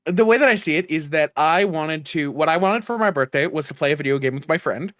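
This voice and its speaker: A young man co-hosting a podcast, easygoing and quick to laugh, mostly giving short replies. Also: fairly high pitch, animated, a bit bright, no echo, clean studio sound. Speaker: podcast co-host. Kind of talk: casual banter.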